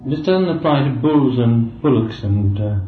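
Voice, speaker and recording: A man speaking as a labour organization official, explaining in a measured way and listing points with fillers. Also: mid-range voice, animated. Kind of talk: conversational explanation. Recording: tinny, echoey, with faint hiss.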